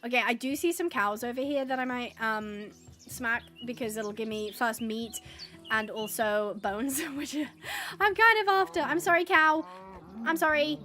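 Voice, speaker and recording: A woman streaming live gameplay, chatting to the viewers and the game animals and getting excited. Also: high voice, a little slow, soft background music. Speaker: gaming streamer.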